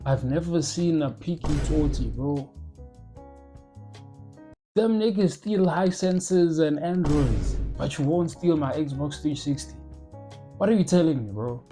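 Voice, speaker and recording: A young South African man telling stories in a comedic monologue, animated and full of slang and loud jokes. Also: fairly high pitch. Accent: South African English. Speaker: comedy YouTuber.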